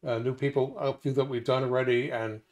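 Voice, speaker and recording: A man's voice: mid-range voice, level tone, a little fast. An older man co-hosting a casual chat, steering the talk with many hesitations. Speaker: co-host.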